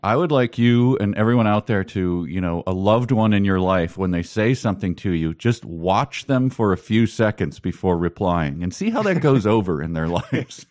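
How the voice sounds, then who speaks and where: A man with a lowish voice joking wryly through a casual podcast conversation and laughing often. The sound is dry and close, with no room echo. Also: expressive, normal speed, hardly any pauses, darkish tone. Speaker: podcast co-host. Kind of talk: casual chat reviewing a book.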